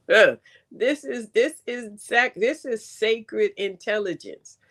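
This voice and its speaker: A woman's voice: fairly high pitch, lively intonation, slow, fairly bright tone. Blunt Brooklyn woman, laughing often. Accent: Brooklyn New York. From Brooklyn, New York. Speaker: stream host reading cards. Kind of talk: casual livestream chat.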